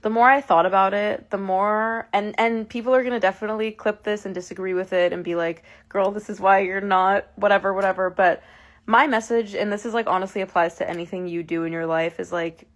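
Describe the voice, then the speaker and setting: A woman's voice: medium pitch, fairly even intonation, a little fast. A woman in her twenties chatting casually with fans on a live stream from her phone, emotional and full of fillers and restarts. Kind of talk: casual livestream chat with fans.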